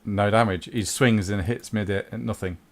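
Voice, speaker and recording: A man running a tabletop role-playing game, calmly making rulings and correcting himself. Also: fairly low pitch, normal speed. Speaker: game master.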